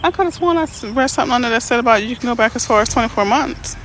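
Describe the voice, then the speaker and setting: A woman realtor chatting casually on a live stream, reading out viewer comments and answering them in a chatty, excitable way. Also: on the high side, very fast, a little hiss or hum. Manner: chatty, excitable, easily emotional. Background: birds chirping faintly.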